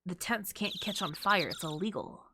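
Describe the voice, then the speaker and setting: A woman's voice: fairly low pitch, normal speed, background noise. A woman streamer giving playful, giggly commentary while playing a game.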